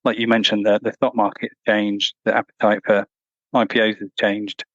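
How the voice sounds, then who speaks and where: A man answering interview questions in a measured, thoughtful way, with frequent restarts. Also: lowish voice, flat delivery, a bit bright, no room sound, dull audio. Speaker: guest, former truck company employee.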